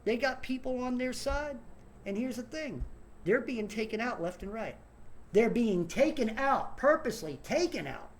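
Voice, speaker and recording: A man's voice: very high voice, expressive, normal speed. Angry ranting man, stumbling repeats. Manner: angry, swearing, repeats words. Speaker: online commentator. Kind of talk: angry political rant.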